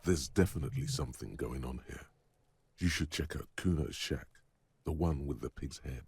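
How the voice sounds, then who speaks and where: Man voicing a wry game narrator, extremely deep, gravelly, faint hiss. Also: moderate pace, dry recording, exaggerated voice.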